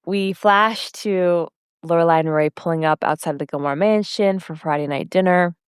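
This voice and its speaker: A woman's voice: lowish voice, normal speed, clear, resonant tone, dry recording, clean studio sound. A woman co-hosting a podcast, casually recapping a TV episode and briefly acting out the characters' lines. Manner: retells scenes, briefly imitating characters' lines. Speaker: podcast co-host.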